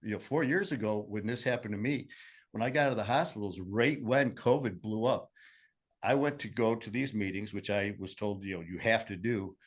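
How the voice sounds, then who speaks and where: A man's voice: fairly low pitch, normal speed. A man with a Michigan accent telling his recovery story in casual conversation, earnest and meandering with many fillers.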